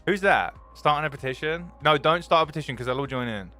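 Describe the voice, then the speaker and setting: Young guy streaming, chatty and hyped, bit high voice, crisp tone, quiet music behind. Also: quick pace. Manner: excitable storytelling, greets chat by name. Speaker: live streamer. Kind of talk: casual chat with live viewers.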